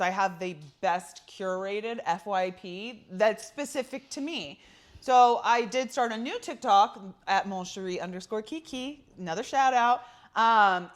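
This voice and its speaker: A woman from California co-hosting a podcast in casual chat, animated and chatty, laughing often. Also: mid-range voice. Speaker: podcast co-host.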